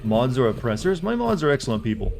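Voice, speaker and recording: A man's voice: medium pitch, sing-song, quick pace, gravelly, a little mellow, soft background music. A man streaming a game live, rambling and teasing as he answers his chat and reads menu text aloud.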